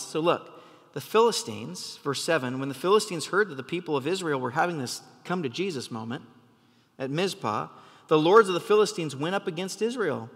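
Male pastor, fervent sermon delivery, bright and forceful, big church reverb. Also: high voice, slightly rough. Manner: passionate, sometimes yelling for emphasis. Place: church hall.

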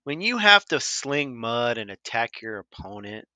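A man's voice: mid-range voice, very animated, unhurried, pushed and bright, no echo. A man hosting a critical commentary video, arguing emphatically, repeating his points and addressing his opponent directly. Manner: emphatic and repetitive. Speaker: commentary channel host.

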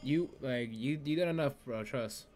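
A man's voice: mid-range voice, moderate pace, a little mellow, soft background music. A young man streaming a game, chatting casually and teasing his friend in slang. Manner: slangy, teasing, laughs often. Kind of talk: casual gaming chat with a friend.

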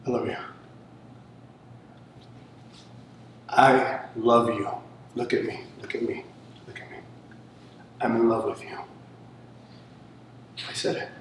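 An acting student performing a volatile, desperate young man who swings between yelling and hushed whispers in a scene. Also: high-pitched, animated, unhurried, slight background noise. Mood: hushed pleading. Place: acting studio room. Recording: very echoey room.

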